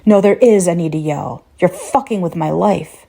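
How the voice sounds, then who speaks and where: A woman voicing a frightened, furious young man who defiantly yells and swears back. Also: mid-range voice, lively intonation, unhurried, creaky, slightly rough, full character voice.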